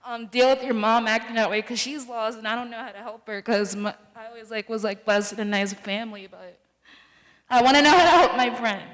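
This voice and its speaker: Brief: tearful woman audience member, higher-pitched, hesitant and apologetic, heard in a reverberant hall. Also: fairly bright tone. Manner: halting, apologetic, many fillers. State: teary, close to crying. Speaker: audience member asking a question. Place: large hall.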